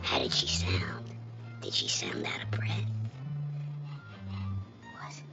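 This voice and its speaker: Sly card-playing boss, mocking, gravelly, lively, dull audio. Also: male voice, a little high, brisk. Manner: sly, mocking, rambling, wordplay. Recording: dull film soundtrack with faint music.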